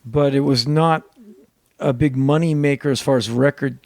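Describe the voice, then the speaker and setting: A man's voice: mid-range voice, steady tone, normal speed, darkish tone, no room sound, clean studio sound. A middle-aged man speaking as a podcast guest, clipped and matter-of-fact. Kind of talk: interview conversation.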